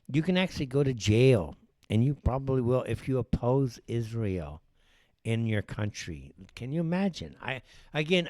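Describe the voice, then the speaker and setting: A man's voice: medium pitch, a little mellow, no room sound. A man hosting a live show, ranting in heated, sarcastic commentary. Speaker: show host. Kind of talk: livestream commentary.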